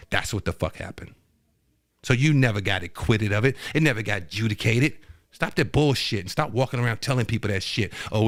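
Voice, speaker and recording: Podcast host, male, lower register, dry home-studio sound, blunt and emphatic delivery. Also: no echo. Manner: profane, heated and emphatic, rising to near-shouting; subdued, hesitant and soft-spoken. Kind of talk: angry commentary rant. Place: home dining room studio.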